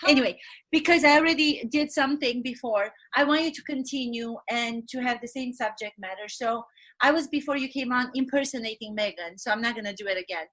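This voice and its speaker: A woman's voice: fairly high pitch, a little fast, fairly bright tone. A woman with a Romanian accent, an acting coach hosting a podcast and directing an exercise energetically.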